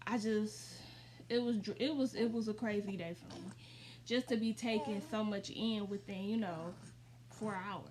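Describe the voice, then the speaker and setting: A woman's voice: medium pitch, fairly even intonation, moderate pace, background noise. A woman in her twenties telling a personal story in a casual, rambling way, full of fillers and calling her viewers y'all. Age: 20s. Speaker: vlogger.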